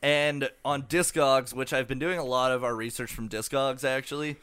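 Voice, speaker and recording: A man's voice: medium pitch, fairly even intonation, moderate pace, fairly bright tone, clear, resonant tone, dry recording. A young man co-hosting a casual album review podcast, swearing a lot and rambling with fillers. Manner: profane, rambling, lots of fillers. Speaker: podcast co-host.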